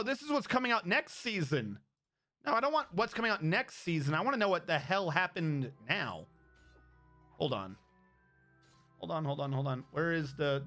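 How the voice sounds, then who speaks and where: A man livestreaming in casual chat, rambling excitably and swearing freely as he talks. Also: a little high.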